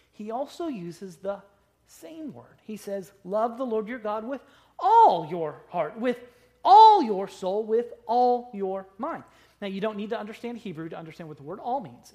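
A man preaching a sermon, conversational with rhetorical questions, swinging between loud stressed words and quiet asides. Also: high voice. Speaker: pastor.

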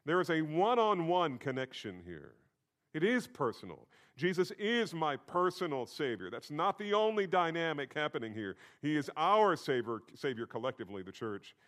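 A man's voice: a little high, sing-song, normal speed, a bit bright. A male pastor giving a sermon in a conversational teaching manner, stressing points through repetition.

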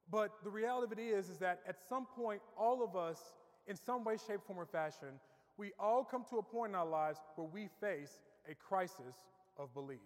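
A man preaching a sermon as pastor, building with rising emphasis and repeating words as he goes. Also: sits high. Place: church sanctuary. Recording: long reverb of a church hall.

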